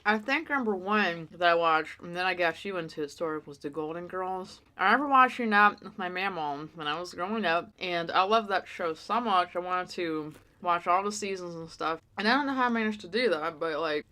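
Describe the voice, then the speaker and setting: A woman's voice: lowish voice, brisk, few pauses, pushed and bright. A woman hosting an eating show, chatting casually and rambling with lots of fillers. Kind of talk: casual chat while eating.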